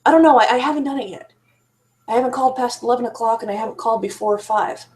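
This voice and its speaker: A woman talks straight to the camera about hard things in her own life. She is frank and self-critical, her words come in halting restarts, and she laughs now and then. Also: fairly high pitch, a little mellow. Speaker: survivor sharing her story. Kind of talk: candid personal monologue to camera.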